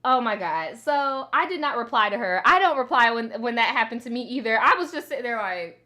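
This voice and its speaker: Bright, animated storytime host woman. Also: fairly high pitch, fairly quick. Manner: animated, profane, laughing reactions. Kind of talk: casual storytime commentary.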